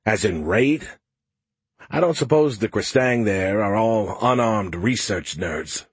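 Male audiobook narrator, low husky voice, dry close mic, wry deadpan read. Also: slow, dry recording. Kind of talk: scripted narration.

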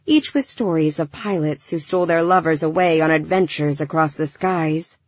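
A woman narrating a science fiction audiobook in a measured, even storytelling manner. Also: on the low side, dry recording. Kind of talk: scripted narration. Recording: dull dry studio recording.

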